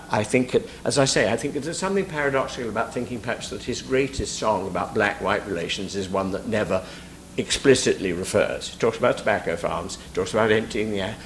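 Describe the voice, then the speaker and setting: Lecturing man with a lowish voice. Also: slight background noise. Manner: deliberate, with frequent "uh" restarts, reciting verse lines aloud. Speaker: literary critic giving a talk. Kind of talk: analytical lecture. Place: lecture hall.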